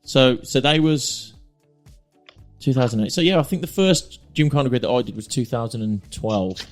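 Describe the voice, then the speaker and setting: A man hosting a podcast, easygoing and teasing his co-host and guest in casual banter. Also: fairly low pitch. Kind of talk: casual chat.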